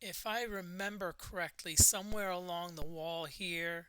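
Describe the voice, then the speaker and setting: A woman streaming a game with a hoarse voice, explaining calmly as she plays. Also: fairly low pitch, moderate pace, no echo, low-quality recording. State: hoarse, lost voice. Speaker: gaming streamer. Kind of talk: casual game commentary. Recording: game music behind the voice.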